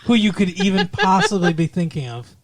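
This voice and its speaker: A man's voice: high-pitched, sing-song, brisk. A man hosting a podcast in casual chat, joking and teasing his co-host.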